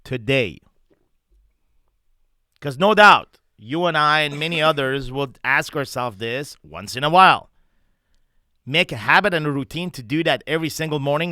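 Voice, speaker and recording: A man's voice: fairly high pitch, bright, forceful tone, clean tone, dry recording, studio quality. A man coaching bluntly, with heavy swearing and emphatic repetition of his points. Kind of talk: forceful motivational talk.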